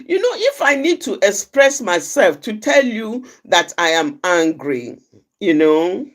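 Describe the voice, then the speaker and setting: A woman's voice: medium pitch, sing-song, measured pace. A woman giving an earnest, reflective talk for an outreach program, often repeating phrases for emphasis. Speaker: outreach speaker. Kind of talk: personal reflective talk on anger.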